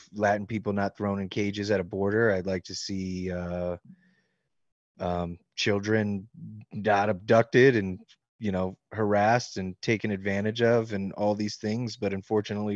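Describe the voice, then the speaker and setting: During a book signing, a man with a lowish voice and little pitch movement answers fan questions at a moderate pace. He's candid, joking, and swears freely while signing. The recording is dry and lo-fi.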